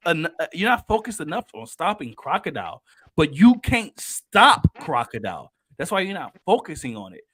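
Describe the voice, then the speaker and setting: A man's voice: fairly high pitch, a bit bright, husky, heavily acted. Man doing Luffy, a blunt, cursing pirate. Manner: blunt, profane, dismissive. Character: brash young male pirate captain, blunt.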